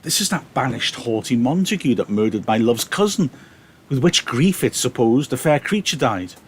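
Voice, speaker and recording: A man reads aloud a proud young nobleman, indignant and accusing, declaiming old verse. The voice sits at an ordinary middle pitch. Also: animated, moderate pace, breathy edge. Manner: theatrical verse reading.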